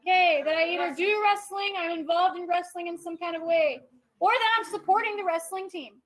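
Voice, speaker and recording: Very high-voiced woman teacher. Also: a little fast, a bit bright, poor audio. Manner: explains step by step, checking in with "okay?"; firm with chatty students. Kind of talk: classroom lecture. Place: classroom.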